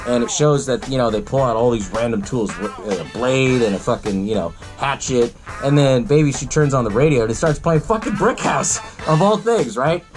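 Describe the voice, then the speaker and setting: A man's voice: mid-range voice, animated, normal speed, few pauses, soft background music. A man hosting a podcast, casually retelling a movie in a rambling, profane way and laughing often. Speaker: podcast host.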